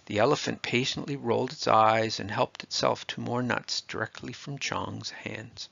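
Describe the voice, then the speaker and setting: A man reads a storybook aloud in a steady, expressive way. His voice is deeply gravelly and husky. The recording is dry and a little dull. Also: normal speed, no room sound. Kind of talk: scripted storybook narration.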